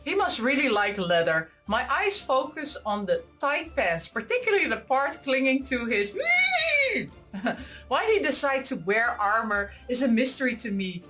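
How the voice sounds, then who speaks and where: A woman reading a visual novel aloud, with giggly, excitable asides between the lines. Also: on the high side, moderate pace, hardly any pauses, soft background music. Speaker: visual novel let's player. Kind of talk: reading a game aloud with reactions.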